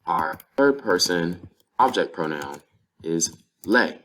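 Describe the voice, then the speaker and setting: A man with a very low, deep voice teaches a language lesson. He explains things patiently and step by step, working through example phrases. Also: animated, takes it slowly, a bit bright, slight background noise. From North Carolina, USA. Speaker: Spanish teacher.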